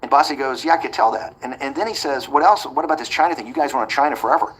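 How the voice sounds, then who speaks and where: Male interview guest, brisk storyteller, average pitch, quotes people as he goes. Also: fairly bright tone, breathy edge, rough recording. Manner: rapid anecdotal delivery that acts out quoted dialogue.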